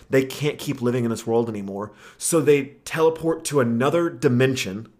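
A man co-hosts a laid-back podcast and tells stories with a lot of energy. He laughs often and sits at an average pitch for a man. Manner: animated storytelling, laughs often. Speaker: podcast co-host. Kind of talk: casual chat.

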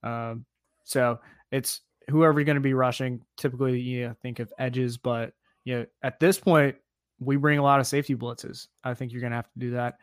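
A man co-hosting a sports podcast in a relaxed, casual way, with many fillers as he talks. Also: mid-range voice, moderate pace, clear, resonant tone, dry recording, studio quality. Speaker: podcast co-host.

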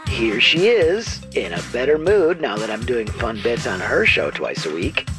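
A woman hosting a comedy show, introducing readings with wry, deadpan asides. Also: rumbling low, a little slow, music in the background. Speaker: host. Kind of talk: comedic podcast narration.

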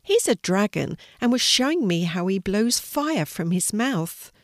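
A woman voicing a small, kind male mouse who talks gently and encouragingly. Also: mid-range voice, sing-song, measured pace, no room sound, clean studio sound. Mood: friendly.

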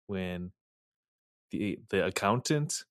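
A man's voice: low voice, expressive, takes it slowly, clean tone, no room sound, studio quality. A man in casual podcast chat, talking in a hesitant, laid-back way and asking questions.

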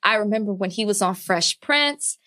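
A woman co-hosting a podcast in casual chat, lively and quick to push back. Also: mid-range voice. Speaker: podcast co-host.

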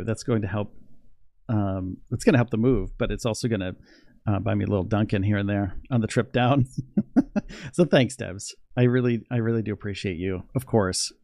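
A young man chatting casually on a livestream, rambling and excitable, laughing often. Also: lowish voice, brisk, creaky, dry recording, clean studio sound. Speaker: space news livestreamer.

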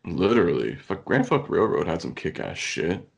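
A man's voice: deep voice, very animated, moderate pace, vocal fry. A man co-hosting a casual comedy podcast, laid-back and swearing freely. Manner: laid-back, profane, laughs along. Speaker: podcast co-host.

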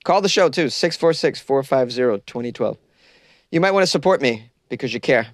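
Rambling, stoned comedian in a closet. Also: male voice, medium pitch, expressive, a little fast, dry recording, clean studio sound. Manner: rambling, self-mocking, loose. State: caffeinated and stoned. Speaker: podcast host, comedian.

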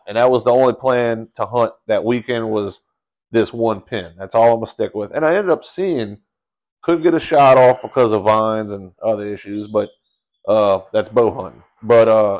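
A man telling a story in casual podcast chat, animated and slangy, calling people bro and dude. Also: mid-range voice.

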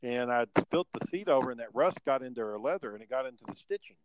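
Young adult man, podcast co-host, quick delivery, cussing constantly, rambling anecdotes. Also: mid-range voice, a little hiss or hum, poor audio. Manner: profane, rambling, animated storyteller. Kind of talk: casual storytelling chat.

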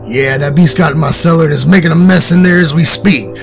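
A man plays a menacing old hillbilly landowner with a rough, gravelly growl. He barks gruff orders in a slightly raised pitch, with music running underneath. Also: brisk. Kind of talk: horror story reading.

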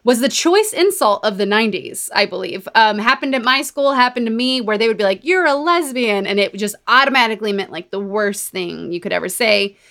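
A woman podcast host in casual chat, telling stories in a chatty, animated way. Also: medium pitch, brisk, hardly any pauses. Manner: chatty, animated storytelling with laughs and quoted voices. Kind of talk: casual chat recapping a book.

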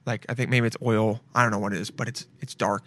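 A man's voice: lowish voice, level tone, fast, a bit bright. A young man riffing comedically in a crude, rambling way, swearing and drifting into goofy tangents. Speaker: comedic commentator.

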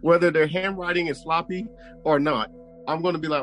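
A man's voice: a little high, fairly even intonation, a little fast, fairly bright tone, soft background music, low-quality recording. A man co-hosting a podcast, chatting casually and making his points emphatically. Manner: emphatic, reacts with short exclamations. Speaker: podcast co-host.

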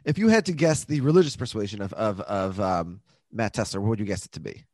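Animated podcast guy going over an episode, pitch all over the place, dry mic. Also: quick pace, dry recording. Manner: animated, laughs often, lively asides. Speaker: podcast co-host. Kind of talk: casual chat recapping a TV episode.

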